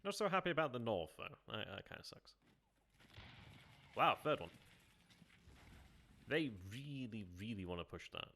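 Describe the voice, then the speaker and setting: A man's voice: medium pitch, big pitch swings, normal speed, pauses often, sharp tone, a little hiss or hum. A man streaming a strategy game, thinking aloud, muttering and repeating himself as he reacts, now and then talking to his viewers. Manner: muttering, self-questioning, repeats phrases; chats with viewers between moves.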